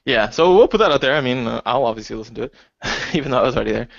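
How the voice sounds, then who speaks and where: A man's voice: medium pitch, rapid-fire, gravelly, no room sound, dull audio. A man co-hosting a podcast, chatting casually and retelling funny gaming stories by acting out his friends' lines. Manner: animated storytelling, acting out friends in quotes. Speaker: podcast co-host. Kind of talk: casual chat.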